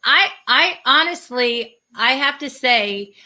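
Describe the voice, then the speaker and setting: A woman's voice: sits high, animated, sharp tone. An older woman hosting an interview, gushing and emotional about a book on a video call. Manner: gushing, emotional, fast bursts of speech. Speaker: show host. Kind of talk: conversational interview.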